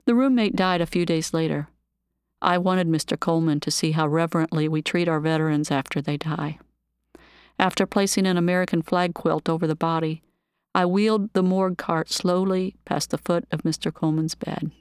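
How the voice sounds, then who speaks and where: Calm, low-voiced woman telling her story. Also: normal speed, clean tone, no room sound, studio quality. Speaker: nurse narrating her own story. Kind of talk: personal memoir reading.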